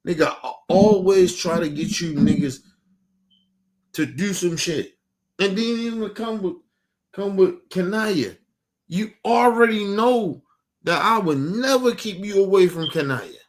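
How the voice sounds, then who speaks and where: Man stream host, fiery profane rant, slightly high voice. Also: expressive, unhurried, a little hiss or hum. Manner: heated, profane, repetitive ranting.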